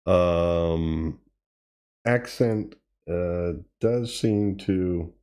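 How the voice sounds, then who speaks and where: A man hosting a tutorial, casually demonstrating gear and thinking aloud with pauses and self-corrections. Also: deep voice, mellow, smooth. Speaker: tutorial host. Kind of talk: casual demo while playing. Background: drum machine sounds he is playing.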